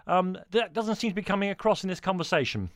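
A man's voice: high-pitched, animated, fast, dry recording, clean studio sound. A man hosting a radio talk show, chatty and joking, with frequent fillers and restarts. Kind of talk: radio interview. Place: radio studio.

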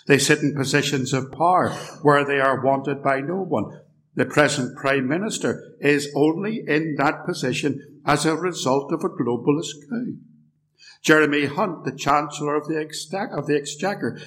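A man's voice: fairly high pitch, a bit bright, a little hiss or hum, rough recording. A man from the United Kingdom giving a live lecture in a church, sardonic and fond of rhetorical questions. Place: church hall.

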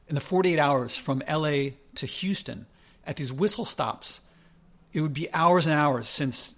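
A man's voice: a little high, vocal fry. A man casually telling a rambling personal story, often correcting himself mid-sentence. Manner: rambling, self-correcting, conversational.

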